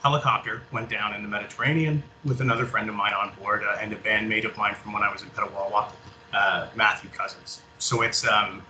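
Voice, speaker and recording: A soldier from Canada giving a halting, earnest talk and reading a prepared speech about remembrance. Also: male voice, on the low side, steady tone, bright, forceful tone, a little hiss or hum, poor audio. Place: public library event room.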